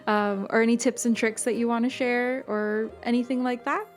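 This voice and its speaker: A woman's voice: on the high side, steady tone, normal speed, soft background music. A young woman from Miami hosting a casual podcast chat, talkative and laughing often, with many fillers. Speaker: podcast host.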